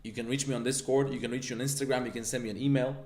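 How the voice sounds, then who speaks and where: Profane, confrontational male mentor, mid-pitch voice, roomy echo. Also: fairly even intonation, racing, a little mellow. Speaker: online mentor pitching a course. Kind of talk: intense motivational rant.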